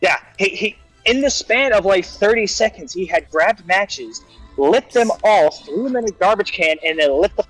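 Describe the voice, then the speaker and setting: A man's voice: high-pitched, moderate pace, faint music behind, low-quality recording. A man casually telling profane, rambling stories about his time as a soldier on a livestream. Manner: animated, profane, rambling with restarts. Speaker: guest storyteller, soldier.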